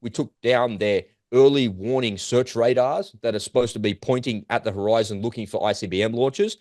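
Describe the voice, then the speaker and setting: A man giving an urgent, animated commentary monologue, firing off rhetorical questions as host of his own show. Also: medium pitch, fairly quick, no room sound, clean studio sound. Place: at home in Australia.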